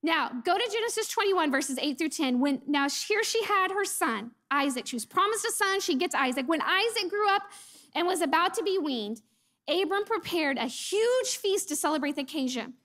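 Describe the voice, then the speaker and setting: A woman delivers a church sermon in a high, bright-pitched voice. Her telling is lively and expressive, and she acts out quoted lines. She sometimes sinks to a soft, breathy near-whisper for emphasis. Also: normal speed. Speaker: preacher; mother.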